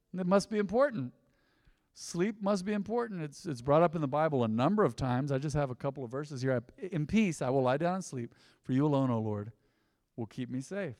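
A man's voice: a little high, lively intonation, a little fast, darkish tone, in a large hall. A man in his thirties preaching a casual, conversational sermon to a church congregation, full of rhetorical questions and asides. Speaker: pastor. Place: church sanctuary.

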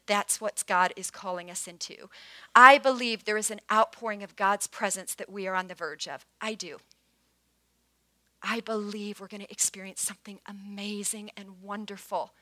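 Woman pastor in her fifties, bright and fairly high, dry close sound; earnest sermon delivery with hushed prayers. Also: no room sound. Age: 50s.

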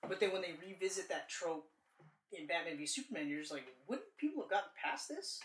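A man co-hosting a casual movie podcast, rambling and animated, swearing freely as he talks. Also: sits high, fairly quick. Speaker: podcast co-host. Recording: roomy, distant from the mic.

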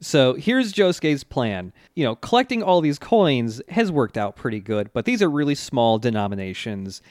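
A man co-hosting a casual podcast chat, relaxed and swearing freely, with many fillers. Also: medium pitch, normal speed, no room sound, clean studio sound. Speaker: podcast co-host.

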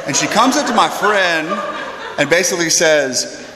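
A man, a priest, telling a funny anecdote with animated, self-deprecating energy and stumbling repeats, in an echoey hall. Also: a little high, moderate pace, background noise. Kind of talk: storytelling anecdote.

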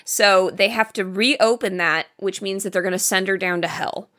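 Woman cohost chatting about a movie, crisp bright voice, mid pitch. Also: fairly even intonation, normal speed. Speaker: podcast co-host. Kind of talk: casual film discussion.

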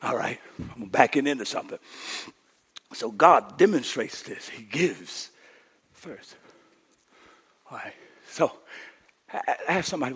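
A man preaching a sermon as pastor, calling on the congregation to respond, moving between quiet asides and shouted peaks and repeating words in bursts. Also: medium pitch, sing-song, normal speed, pauses often, slightly rough.

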